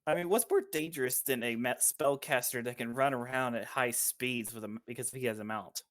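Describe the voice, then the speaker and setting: A man's voice: mid-range voice, brisk, fairly bright tone, no room sound. Eager guy player, mid voice, dry close mic. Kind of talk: casual chat at a game table.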